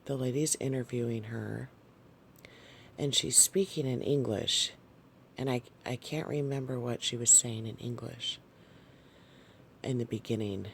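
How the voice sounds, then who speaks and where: A man with a gravelly, medium-pitched voice casually describes a dream to his channel's audience at a slow pace. His delivery is halting and soft, peppered with fillers and apologies, and a faint hiss or hum is present.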